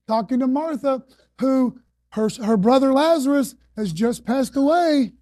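A woman preacher talks through scripture in an emphatic, slangy way. Her voice is fairly high but mellow, and it sounds close and dry. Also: no echo. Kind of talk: sermon.

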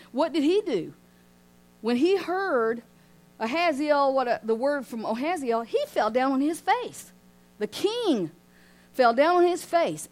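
A woman teaching an informal Bible study in a lively way, often laughing and asking her listeners questions. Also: high voice. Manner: animated, asks the group questions, laughs often.

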